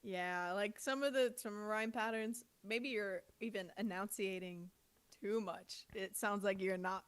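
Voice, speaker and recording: A woman co-hosting a live music review, joking and giggling, with quick agreeing asides. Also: medium pitch, fairly even intonation, smooth. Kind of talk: casual live-stream review chat.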